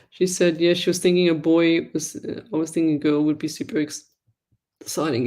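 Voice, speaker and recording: A woman hosts a live call-in show as a psychic medium. She talks in a loose, chatty, rambling way and addresses listeners warmly as "lovey". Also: deep voice, level tone, normal speed. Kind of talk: live online call-in readings.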